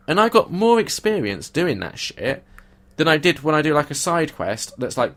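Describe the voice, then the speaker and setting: A young man co-hosting a podcast in casual chat, blunt and animated, swearing freely. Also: on the high side, normal speed. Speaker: podcast co-host.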